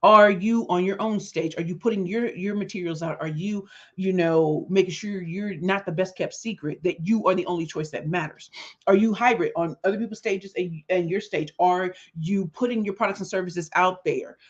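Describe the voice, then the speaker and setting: A middle-aged woman hosting her podcast, telling a story in an animated, conversational way with emphatic repetitions. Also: lowish voice, moderate pace. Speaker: podcast host and business speaker. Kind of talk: storytelling monologue. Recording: dull lo-fi sound.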